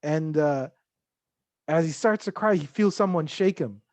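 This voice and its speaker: Halting storytelling man, dry close sound. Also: on the high side, a little mellow, dry recording. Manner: halting, many fillers and restarts. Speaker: podcast guest. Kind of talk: storytelling in casual chat.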